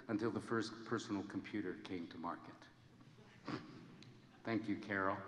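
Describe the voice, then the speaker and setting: A man in his seventies gives an earnest, measured ceremony speech in a large hall. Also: lowish voice, a little hiss or hum. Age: 70s. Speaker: honorary degree recipient giving a speech. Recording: echoey hall with long reverb.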